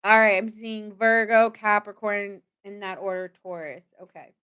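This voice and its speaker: A woman's voice: medium pitch, fairly even intonation, normal speed, clear, resonant tone, dull audio. Chatty woman giving a live tarot reading. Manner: chatty and playful, laughs often, greets viewers. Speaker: tarot reader hosting a live stream.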